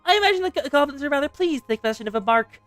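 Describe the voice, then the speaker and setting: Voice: sits high, expressive, very fast, a bit bright, faint music behind, pitched above the performer's own voice. A streamer voicing a formal, gossipy clerk briefing an adventurer. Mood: informative.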